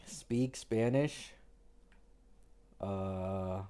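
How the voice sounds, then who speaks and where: A man's voice: low voice, steady tone, takes it slowly, mellow, smooth. A young man from Canada with a slight Canadian accent, chatting casually on a livestream, reading viewer questions aloud in a laid-back, slangy way. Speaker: streamer answering chat.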